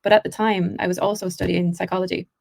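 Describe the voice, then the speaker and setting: Fast-talking Irish woman with gravelly fry. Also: on the low side, level tone. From Ireland. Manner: quick, chatty storytelling with frequent "like" and restarts. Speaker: actress and accent coach. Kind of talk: podcast interview.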